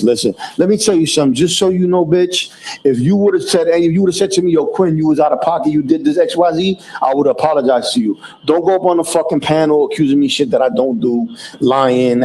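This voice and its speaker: A man's voice: on the high side, mellow, poor audio. A man chatting casually on a livestream, loose and profane, full of street slang and restarts. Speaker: livestream host.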